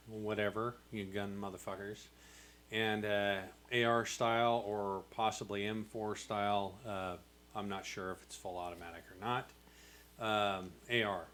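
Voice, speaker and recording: A man's voice: fairly low pitch, steady tone, unhurried, fairly bright tone, slight background noise. A man hosting a casual podcast chat, blunt and dismissive, swearing freely. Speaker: podcast host.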